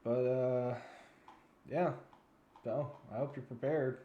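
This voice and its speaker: A man's voice: mid-range voice, fairly even intonation, slow pace, echoey room, highs cut off, a little hiss or hum. A man in his twenties giving rambling, frustrated commentary as a news vlogger, sounding weary and yawning now and then. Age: 20s.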